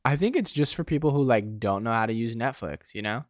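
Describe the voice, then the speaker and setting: A man's voice: mid-range voice, lively intonation, a little fast, dry recording, studio quality. A young man co-hosting a podcast, talking in a loose, casual way and saying "dude" and "like" often. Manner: laid-back, says "dude" and "like" a lot. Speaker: podcast co-host. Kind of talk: casual chat.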